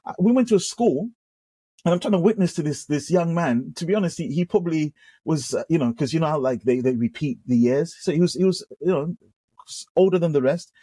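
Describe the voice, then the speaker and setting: A British pastor tells his story as a guest, restarting his sentences and picking up energy as he goes. His voice is warm and mellow with a husky edge. He is recorded close and dry. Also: a little high, brisk, no room sound. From United Kingdom. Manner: animated storyteller with frequent restarts. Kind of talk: conversational testimony.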